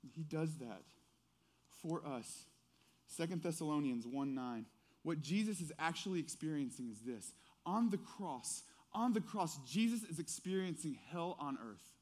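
A man preaching a sermon, swinging from hushed, intimate lines to loud, urgent ones. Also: on the high side, lively intonation, measured pace. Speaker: pastor.

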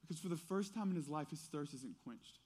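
A man preaching a sermon, swinging from hushed, intimate lines to loud, urgent ones. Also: on the high side, lively intonation, a little fast. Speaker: pastor.

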